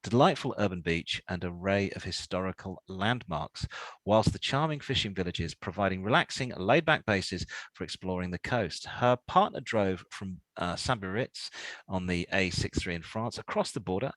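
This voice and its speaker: A man's voice: deep voice, animated, normal speed, a bit bright, no echo. A man co-hosting a casual chat show, joking and rambling as he reads out listener messages. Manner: joking, rambling, puts on silly voices. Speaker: podcast co-host.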